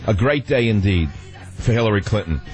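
A man's voice: expressive, a little fast, darkish tone, soft background music, rough recording. A man hosting a radio talk show, delivering a sarcastic, ranting monologue. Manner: sarcastic, ranting, sweeping pitch swings.

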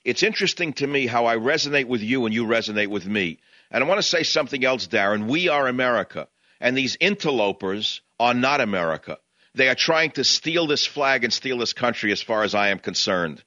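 Impassioned New York radio host, bright voice. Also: male voice, medium pitch, animated, brisk, no room sound, highs cut off. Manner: impassioned, combative ranting. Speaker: radio talk show host. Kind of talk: talk radio monologue. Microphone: studio microphone, dry.

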